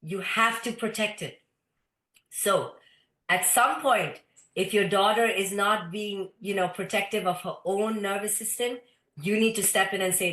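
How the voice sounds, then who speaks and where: A woman's voice: mid-range voice, a little slow, a bit bright. Woman teaching a parenting workshop, roomy. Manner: direct, instructive, reads audience comments aloud. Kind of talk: live online parenting workshop. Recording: roomy echo.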